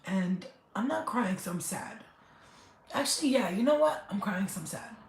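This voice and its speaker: A middle-aged spiritual healer cries as she talks straight to viewers on a live stream, rambling and emotional. Her medium-pitched voice is animated at a moderate pace, in an echoey room with faint background noise.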